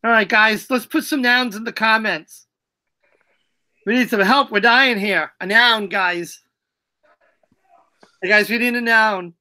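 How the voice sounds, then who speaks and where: A woman's voice: fairly high pitch, measured pace, long pauses, pushed and bright. A woman hosting a casual live stream, playful and prone to giggling as she reads. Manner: playful, breaks into giggles while reading. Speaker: host.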